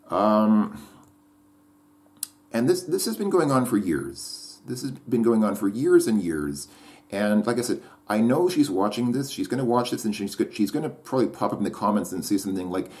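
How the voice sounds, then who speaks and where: Deep-voiced man rambling to camera. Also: very animated, a little fast, a little mellow. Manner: rambling, repeats himself. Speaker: vlogger. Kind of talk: casual vlog monologue.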